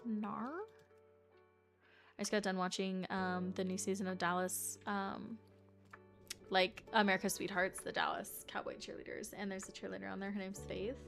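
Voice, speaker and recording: Chatty woman streaming, lots of "like" and "um", raspy fry, soft music underneath. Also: medium pitch, flat delivery, normal speed. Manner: bubbly and chatty, many "um" and "like" fillers. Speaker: live streamer. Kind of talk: casual chat with viewers.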